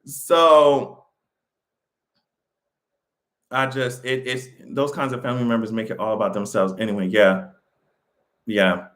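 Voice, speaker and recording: A man hosting a casual livestream, talking in an animated, profane way with sudden jumps in pitch and frequent laughter. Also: moderate pace. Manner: laughs often between remarks. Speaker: livestream host.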